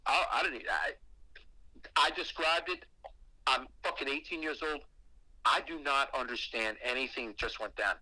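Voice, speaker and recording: A man telling a creepy personal story on a podcast in a casual, animated way, swearing often. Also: mid-range voice, moderate pace, long pauses, dry recording, low-quality recording. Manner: animated and heavily profane, with acted asides. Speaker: guest telling a ghost story.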